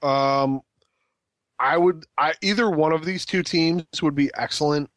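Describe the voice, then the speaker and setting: A man's voice: on the high side, unhurried, fairly bright tone, no echo. Rambling male podcast co-host, dry sound. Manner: rambling with frequent ums and restarts. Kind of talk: casual wrestling chat.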